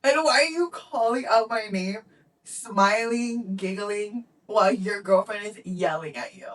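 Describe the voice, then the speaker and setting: A woman's voice: mid-range voice, unhurried, distant mic, rough recording. A woman in her twenties, co-hosting a podcast, chatting casually and acting out the dialogue in her stories. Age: 20s. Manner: animated storytelling, acting out dialogue. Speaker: podcast co-host. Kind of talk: casual chat.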